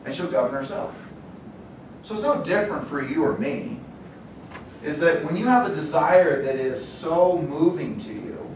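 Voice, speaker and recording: A middle-aged man leading a live real estate training, telling stories with lively acted-out quotes and frequent laughter. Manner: animated storyteller, acts out quotes, laughs often. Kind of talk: live training talk to agents. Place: training room. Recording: roomy, distant, faint rumble.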